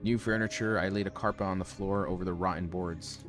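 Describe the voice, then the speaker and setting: A man's voice: low-pitched, fairly even intonation, fairly quick, over music. A man streaming a horror game, reading its lines aloud with joking asides. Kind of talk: casual let's-play commentary.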